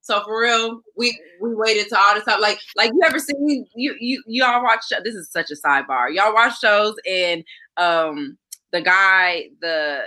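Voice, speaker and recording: A woman's voice: medium pitch, measured pace, sharp tone, poor audio. A woman speaking in a laid-back chat about a TV show. She trails off and repeats herself. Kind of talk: casual chat recapping a TV show.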